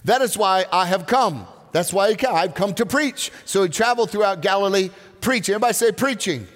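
A man preaching a sermon to a congregation, telling stories with lively acted-out voices. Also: high voice, moderate pace. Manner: animated storytelling, acts out voices. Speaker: pastor. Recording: long reverb of a large hall.

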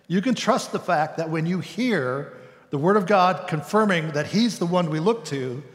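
A man's voice: high-pitched, big-room sound. A male pastor preaching a sermon in a conversational way, sometimes acting out voices.

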